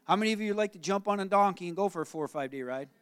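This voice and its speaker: A male pastor preaching to his congregation, his voice sitting high for a man. He tells the story with animated asides and keeps asking the room questions. The sound is dry and close. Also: racing, clear, resonant tone, no echo. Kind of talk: sermon.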